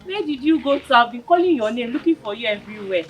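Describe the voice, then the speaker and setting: A woman's voice: a little high, expressive, fast talker, music in the background, lightly acted. A Nigerian actress playing a woman calling out for a friend around the house. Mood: chiding. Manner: calling out loudly. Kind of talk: Nollywood film acting.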